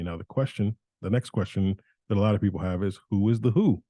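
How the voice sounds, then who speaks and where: Man, bible teacher, informal teaching, conversational, self-correcting, mellow voice, dry close sound. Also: lowish voice, a little fast, hardly any pauses, slightly rough, no echo. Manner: conversational, often restarts and corrects himself.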